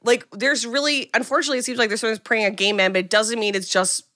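A young woman co-hosting a podcast, retelling a film in casual, animated chat and acting out quotes. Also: on the high side, fast, dry recording, clean studio sound. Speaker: podcast co-host recapping a film.

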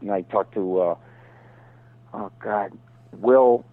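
A man's voice: on the low side, no echo. Man on a tinny phone line. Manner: rambling storyteller, drops into quick impressions. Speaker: voice actor guest. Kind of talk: casual phone interview.

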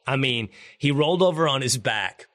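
Animated storytelling man, dry close sound. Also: medium pitch, moderate pace, dry recording. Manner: animated, jokey storytelling with impressions. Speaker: podcast host. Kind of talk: storytelling monologue.

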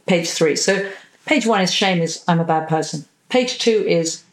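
A woman therapist talking in a podcast interview, animated, acting out quoted voices and swearing casually. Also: fairly low pitch, moderate pace, poor audio. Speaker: psychosexual and relationship therapist, podcast guest.

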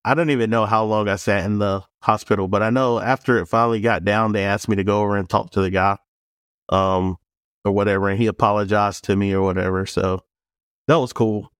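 Low-voiced man telling a wild story. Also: a little fast, clear, resonant tone, dry recording, clean studio sound. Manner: animated, acts out dialogue in quoted voices; frank, swears casually. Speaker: podcast guest, former police officer. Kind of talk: casual storytelling.

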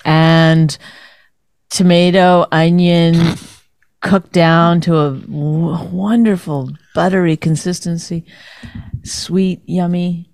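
A woman's voice: on the low side, level tone, slow pace, a little mellow, no room sound. Teasing exasperated woman co-host. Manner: teasing, exasperated, mimics her partner. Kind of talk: casual bickering chat.

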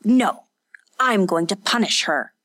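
A woman voicing a drunken, brutish old male fisherman in an audiobook, with slurred, loud speech. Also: fairly low pitch, normal speed, close to an everyday voice. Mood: drunken rage. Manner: loud, shouting threats.

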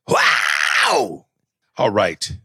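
Gravelly guy hosting a podcast, kinda low, super slow and dry sounding, just chill one-liners. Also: huge pitch swings, bright, forceful tone, no room sound, raised voice. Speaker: podcast host. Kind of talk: casual podcast banter.

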